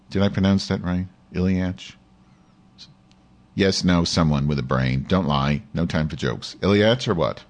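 A man with a slightly low voice reads a news article aloud on his casual show. He trips over words, curses at himself, and throws sarcastic remarks at his listeners. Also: a little slow. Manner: profane, sarcastic, stumbles over words while reading. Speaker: show host.

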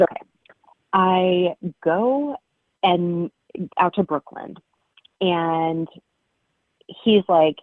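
A woman's voice: lowish voice, dry recording. Chatty woman on a tinny phone line. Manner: chatty, lots of "like" and "um". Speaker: podcast co-host. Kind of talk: casual storytelling.

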